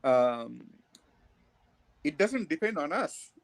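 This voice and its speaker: A man gives an academic answer at a panel. His voice has a gravelly edge, and the sound is dry and close. He speaks in an animated way and chuckles between points. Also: on the high side, slow pace, no room sound. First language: Tamil.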